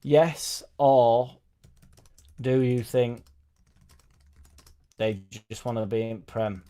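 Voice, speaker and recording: A man's voice: mid-range voice, drawn-out words, dark tone. Chatty man reading out live comments. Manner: chatty, reads out viewer comments and replies. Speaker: fan channel host reading live chat. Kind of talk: casual live stream chat.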